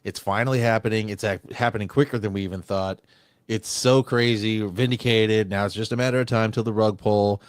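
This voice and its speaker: A man on a casual livestream chat, animated and profane, mocking others with mimicked quotes. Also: lowish voice, brisk, no echo, clean studio sound.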